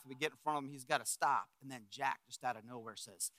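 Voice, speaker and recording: A middle-aged man preaching as a pastor, telling a story with acted-out quotes and swings from loud bursts to hushed reflection. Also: mid-range voice, fast, few pauses, no echo. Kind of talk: sermon storytelling.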